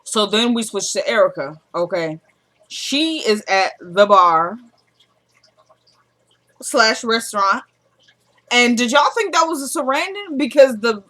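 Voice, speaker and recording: A woman giving a casual, chatty recap of a TV episode, telling the story in an animated way and acting out the characters' lines. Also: a little high, a little slow. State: hyped up in the morning.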